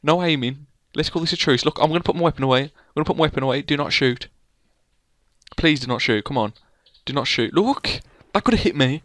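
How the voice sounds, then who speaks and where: A man's voice: on the high side, lively intonation, fast, fairly bright tone, dry recording. Rambling guy gaming. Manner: rambling, playful, teasing his co-player. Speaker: let's play gamer. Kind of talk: casual gameplay commentary.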